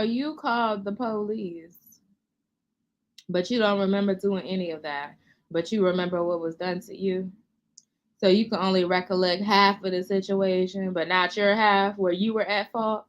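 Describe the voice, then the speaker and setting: A woman's voice: medium pitch, fairly even intonation, a little slow, lo-fi sound. A woman commenting on a clip, sarcastic and scolding, addressing the speaker on screen as "girl". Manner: sarcastic, scolding, calls her subject "girl". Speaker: reaction commentator. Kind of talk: reaction commentary.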